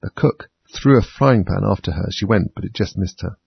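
Male audiobook narrator, low and gravelly, husky; dull lo-fi dry recording. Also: brisk, dry recording. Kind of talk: storybook reading.

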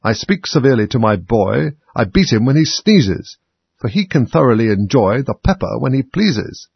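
Storybook duchess, snappish and haughty, raised shrill voice, gravelly underneath, put on by a low male reader; dull lo-fi recording. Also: very animated, fairly quick, no room sound, heavily acted. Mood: harsh singsong. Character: haughty, bad-tempered noblewoman.

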